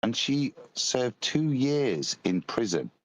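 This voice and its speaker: Guy on a stream, really lively up and down voice, dry muffled mic. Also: medium pitch, slow, no echo. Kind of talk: casual live-stream chat.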